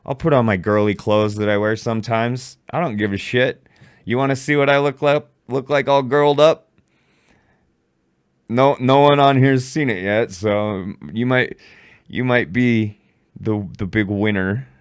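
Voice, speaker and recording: Man, angry profane rant, reaction commentary, deep smooth voice, dry close mic. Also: steady tone, unhurried, no room sound. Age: adult. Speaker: commentary YouTuber.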